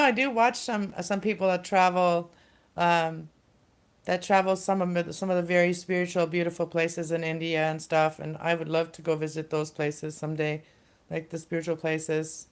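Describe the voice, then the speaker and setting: Low, smooth-voiced woman chatting casually. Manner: rambling, halting, with many fillers and restarts. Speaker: livestream host. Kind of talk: casual livestream chat.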